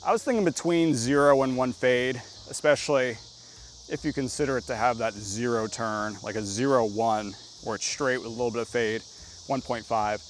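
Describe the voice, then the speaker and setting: A man giving casual, chatty play-by-play of his own throws on a disc golf course outdoors, getting excitable on good shots. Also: medium pitch, normal speed, a little hiss or hum.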